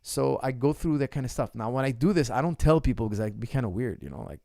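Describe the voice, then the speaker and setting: A man's voice: mid-range voice, animated, quick pace, creaky, mellow, no echo, studio quality. A man in his forties, a martial arts coach answering viewer questions in a casual livestream, blunt and emphatic, repeating his key points. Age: 40s.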